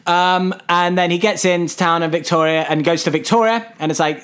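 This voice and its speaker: A man's voice: steady tone, fairly quick, a bit bright, smooth. A man co-hosting a podcast, recapping and mocking a film in casual, sarcastic, profanity-laced chat. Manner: sarcastic, swears, jumps high when exasperated. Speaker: podcast co-host.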